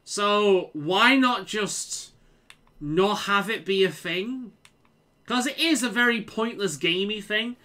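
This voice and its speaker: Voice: medium pitch, slow pace, bright, forceful tone. A streamer from the Liverpool area giving casual, rambling commentary while playing a game and swearing freely. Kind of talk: casual let's-play commentary.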